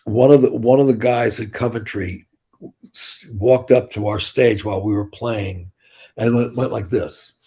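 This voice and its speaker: A man's voice: on the low side, fairly even intonation, unhurried, creaky, mellow, slightly rough. An older man, telling rambling, blunt, profane stories as an interview guest. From New York City. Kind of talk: casual storytelling interview.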